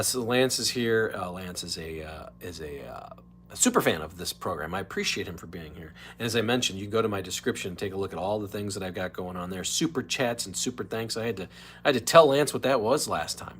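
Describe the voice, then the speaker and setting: A man hosting his own livestream podcast, rambling casually between topics and slipping into quick impressions. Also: fairly low pitch, fairly bright tone, a little hiss or hum. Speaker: podcast host. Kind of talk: casual solo livestream chat.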